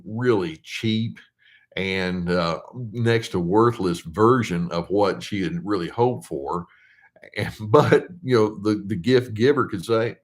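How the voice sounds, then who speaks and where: An older man, a therapist, answering viewer questions in casual explanatory talk, with plenty of fillers and restarts. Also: on the low side. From United States. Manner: conversational, with frequent fillers and restarts; reads questions aloud slowly and deliberately.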